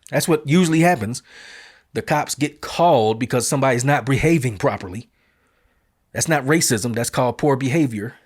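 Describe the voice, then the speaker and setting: A man hosting an opinion commentary show, talking bluntly and emphatically in casual street phrasing. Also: on the high side. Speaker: show host.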